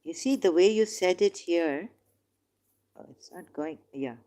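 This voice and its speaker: Low, slow-spoken woman correcting insistently. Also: warm tone. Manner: insistent, repeatedly correcting, reads verses aloud. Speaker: debate participant. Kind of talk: heated religious debate.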